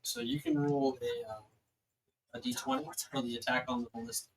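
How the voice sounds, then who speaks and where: A man's voice: mid-range voice, sing-song, fairly quick, vocal fry, slight background noise, low-quality recording. Man narrating as game master. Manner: loose, filler-heavy narration.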